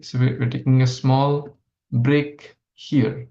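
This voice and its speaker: A man leading a scripture class, explaining a verse slowly and asking listeners questions. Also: medium pitch, level tone, dark tone. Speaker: Bhagavatam class speaker. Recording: echoey room, dull lo-fi sound.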